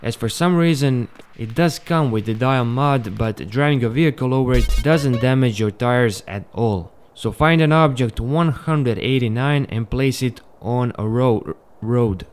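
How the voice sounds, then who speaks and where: A young man narrating a casual, unscripted gameplay tutorial, with a relaxed delivery and some stumbles. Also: mid-range voice, moderate pace, few pauses, smooth. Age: young adult. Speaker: gaming channel host.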